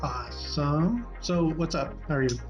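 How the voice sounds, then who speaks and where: Low-voiced woman hosting a podcast. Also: animated, a little slow, highs cut off, over music. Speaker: podcast host. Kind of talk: casual chat.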